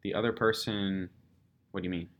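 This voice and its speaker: A man's voice: low-pitched, steady tone, brisk, a bit bright. A man co-hosting a casual podcast, chatting playfully with lots of fillers. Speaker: podcast co-host. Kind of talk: casual chat.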